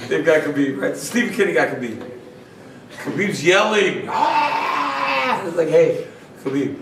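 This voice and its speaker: A man, a fighter fielding press questions, tells his story with lively energy, acting out the voices of the people in it and laughing along the way. His voice is picked up from a little distance in a roomy space, with faint ambient noise behind him. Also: on the high side, fairly quick. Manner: animated, laughing, acts out quotes. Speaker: fighter being interviewed. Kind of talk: casual storytelling in a media scrum.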